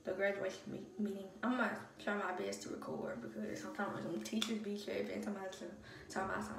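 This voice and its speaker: A young woman vlogging casually at her bathroom sink, chatting straight to viewers and slipping between hushed and loud. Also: mid-range voice, level tone, quick pace, creaky, a little hiss or hum. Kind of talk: casual get-ready-with-me vlog. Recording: echoey bathroom, far mic, running water.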